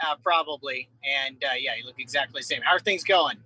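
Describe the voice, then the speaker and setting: A race car driver joining remotely as a guest, with breezy, teasing banter. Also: male voice, medium pitch, fast talker, sharp tone, breathy edge, dry recording, rough recording. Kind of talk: casual banter.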